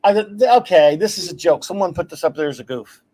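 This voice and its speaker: High-voiced guy ranting and laughing through stories on his chat show. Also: quick pace. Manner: animated, ranting, laughs while telling stories. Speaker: podcast host. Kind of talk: casual chat.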